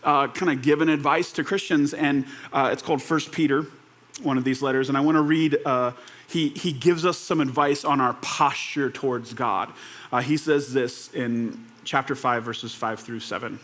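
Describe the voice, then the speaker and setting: A young man preaching a conversational sermon, animated and relaxed, slipping into quoted voices and laughing now and then. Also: fairly high pitch, moderate pace. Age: young adult. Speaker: pastor.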